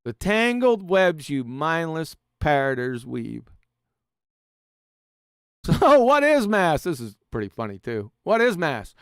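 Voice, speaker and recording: Sarcastic high-voiced man. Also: a bit bright, smooth, no room sound, clean studio sound. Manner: mocking, sarcastic, laughs often. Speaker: host. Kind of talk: live stream talk.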